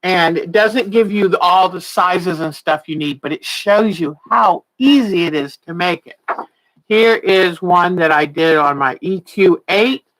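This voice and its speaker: A woman in her sixties teaches quilting on an informal livestream, talkative and laughing frequently while a little tired and yawning. She speaks a little slowly at a fairly low pitch, and the recording quality is low.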